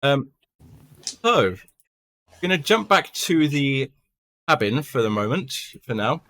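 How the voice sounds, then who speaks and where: A man's voice: medium pitch, big pitch swings, takes it slowly, a bit bright. A man running a tabletop horror game as game master, narrating casually with frequent ums.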